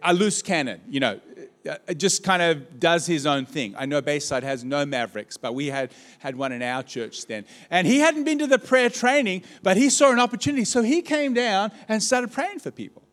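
Animated male pastor preaching in a hall. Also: fairly high pitch, normal speed. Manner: animated storytelling with audience call-outs. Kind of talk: sermon. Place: church auditorium. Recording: long hall reverb.

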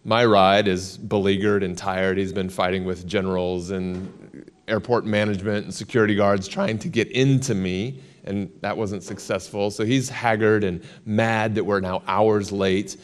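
An American man, a guest in an interview, telling a long story with lively quoted lines. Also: fairly low pitch, normal speed. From United States.

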